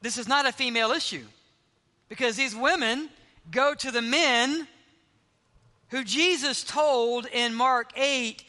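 A male pastor delivers a sermon in a high, bright voice. He preaches emphatically and often drops to a hush for stress. His words ring out in a large hall with a long reverb. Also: unhurried, long pauses. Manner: emphatic preaching, dropping to hushed tones for stress.

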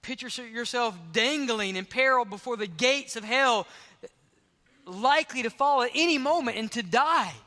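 A man preaching as pastor, emphatic, often dropping to hushed tones for stress. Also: very high-pitched, normal speed. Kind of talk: sermon. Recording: long hall reverb.

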